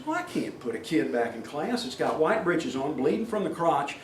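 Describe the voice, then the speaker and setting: Talking fast with hardly any pauses, a middle-aged man with a high-ish voice and lively intonation tells folksy, plain-spoken stories to a safety meeting crowd, acting out quoted voices. He's recorded from a distance in an echoey meeting room, with faint noise.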